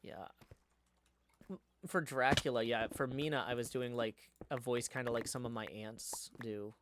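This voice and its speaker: A man's voice: medium pitch, steady tone, unhurried, background noise. A man chatting casually on a live stream, reading viewer comments aloud and answering them in a rambling way.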